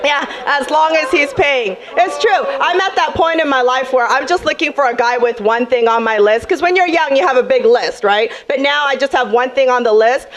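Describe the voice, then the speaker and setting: A young woman works a comedy club crowd through a handheld mic in a high voice. She is brash and sassy, and she speaks straight to the audience. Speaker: stand-up comedian. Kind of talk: stand-up comedy set.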